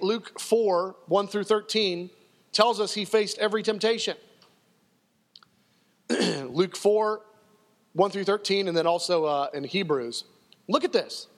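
A male pastor preaching a sermon in an emphatic, conversational way, often repeating himself for effect. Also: sits high. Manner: emphatic and conversational, with frequent repetition. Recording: long reverb of a hall.

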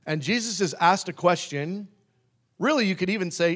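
A pastor preaching a sermon in a conversational way, slowing down to stress key phrases. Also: male voice, high-pitched, lively intonation, fairly bright tone. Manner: conversational, with restarts and emphatic slowed phrases.

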